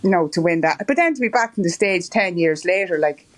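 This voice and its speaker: A woman's voice: lowish voice, expressive, brisk. A middle-aged Irish woman telling stories as an interview guest, rambling and laughing often. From Ireland. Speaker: marathon runner guest. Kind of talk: casual interview chat.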